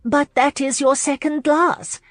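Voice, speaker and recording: A fussy, prim old society lady voiced by a woman, pitched well above a plain speaking voice and pushed louder. She sounds insistent and particular, close and dry, like a storybook character. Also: steady tone, measured pace, no echo, faint music behind. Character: fussy elderly society matron.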